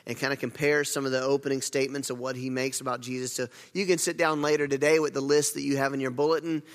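A man's voice: mid-range voice, level tone, fast. A man preaching a sermon as pastor, earnest, often repeating words and restarting phrases. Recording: long hall reverb.

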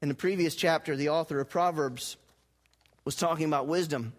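A male pastor preaching a sermon, putting questions to his congregation and asking them to repeat lines back, swinging from loud emphatic lines to low, quiet ones. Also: fairly quick. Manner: rhetorical questions and call-and-response with the congregation.

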